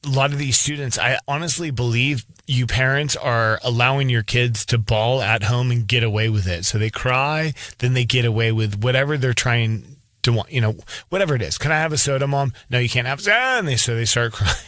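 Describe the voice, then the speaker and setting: A man's voice: medium pitch, moderate pace, a bit bright, dry recording. A man in his thirties, an elementary school teacher, giving his candid and rambling opinion in a casual monologue, often restarting his sentences.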